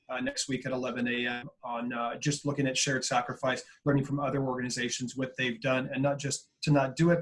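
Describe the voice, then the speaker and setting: A man in his forties, a consultant on a video-call panel, telling a story in an earnest, reflective way. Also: medium pitch. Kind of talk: panel webinar talk.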